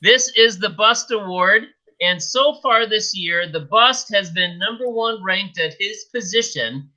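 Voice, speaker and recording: Bright high-voiced man, playful podcast chat. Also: lively intonation, a little slow. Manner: self-mocking, playful, laughs often. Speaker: podcast co-host. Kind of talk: casual fantasy sports chat. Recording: dull lo-fi internet audio.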